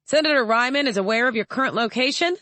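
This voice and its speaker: A woman's voice: on the high side, fast, pushed and bright, dry recording, pitched above the performer's own voice. A woman voicing a curt, formal male soldier at a checkpoint in an audiobook.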